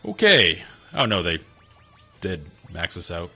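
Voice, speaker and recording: A man's voice: low voice, huge pitch swings, unhurried, vocal fry, pauses often, pushed and bright, breathy edge, soft background music. A man giving wry, joking let's-play commentary over a retro game. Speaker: gaming channel host.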